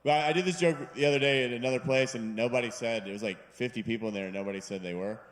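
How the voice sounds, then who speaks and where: In a reverberant live bar room, a male stand-up comic races through a meandering, self-deprecating routine. His voice is mid-range, and he acts out his jokes with different voices.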